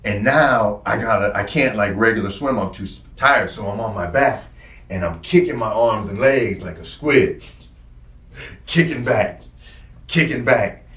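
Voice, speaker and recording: Man, casual storytelling, profane, animated, echoey room. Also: fairly low pitch, normal speed. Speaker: podcast guest telling his story.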